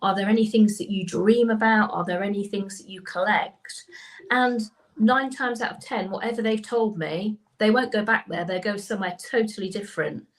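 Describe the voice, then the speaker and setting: Woman co-host, tarot reader, eager explaining, laughs a lot, mid pitch voice. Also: normal speed, low-quality recording. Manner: enthusiastic, explanatory, laughs easily. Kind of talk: casual live-stream chat.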